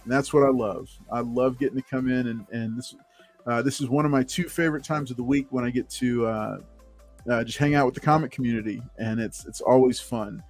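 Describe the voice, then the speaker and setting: A man's voice: mid-range voice, fairly even intonation, fairly quick, soft background music. A man hosting a casual livestream talk show, upbeat and chatty, greeting viewers from the chat. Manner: upbeat, reads chat names aloud, many fillers.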